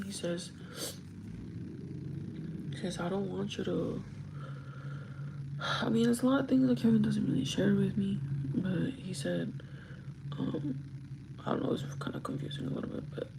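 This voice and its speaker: A woman's voice: medium pitch, gravelly. Tired woman telling a story on a livestream. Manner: emotional, rambling, quoting her partner. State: sleep deprived. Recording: noisy livestream audio.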